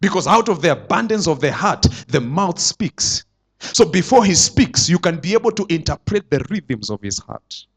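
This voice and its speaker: A man preaching a sermon to his church, swinging between loud declarations and hushed asides. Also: fairly high pitch, big pitch swings, moderate pace, husky. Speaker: pastor.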